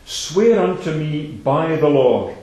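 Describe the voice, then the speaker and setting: A man preaching a sermon, emphatic and repetitive, swinging between loud declarations and soft asides. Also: fairly high pitch, animated, slow. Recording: very echoey hall.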